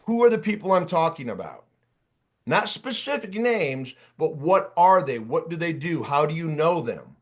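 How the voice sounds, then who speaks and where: A man's voice: on the high side, moderate pace. Fired-up man in his fifties coaching. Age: 50s. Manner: animated, chatty, fired up, addresses attendees by name. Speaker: workshop coach. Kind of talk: energetic online workshop talk.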